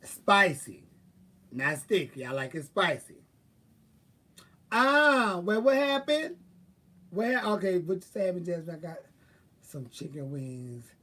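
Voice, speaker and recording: Brief: man vlogger, higher-pitched, loose profane chatter, mic a bit far off. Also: measured pace. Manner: chatty, profane, animated, thinking aloud. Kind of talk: casual rambling monologue.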